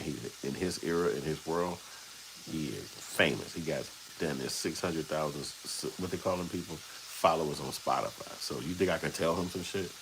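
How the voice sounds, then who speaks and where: A man's voice: rumbling low, noisy background. A man, hosting a casual live stream and telling stories in a loose way, acting out the people he quotes. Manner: loose, storytelling, acts out quoted voices. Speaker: show host.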